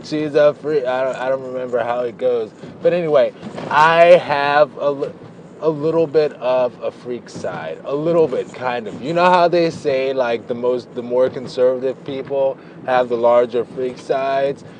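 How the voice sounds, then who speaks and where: In a slightly mellow, medium-pitched voice at a moderate pace, a man shares a personal story in a vlog, with faint background noise behind him. He keeps it playful and chatty, drifting into tangents and elongating words for emphasis.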